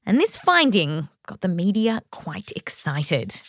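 A woman's voice: lowish voice, sing-song, takes it slowly, no echo, studio quality. A woman with an Australian accent hosting a science show, narrating from a script in a playful, wry way and interviewing a guest. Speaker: host.

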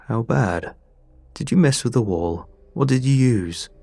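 A man's voice: medium pitch, expressive, unhurried, a little mellow, no echo. A man voicing a greedy middle-aged landlord who talks down to people and cuts them off. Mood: irritated. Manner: chipper, condescending, cuts people off.

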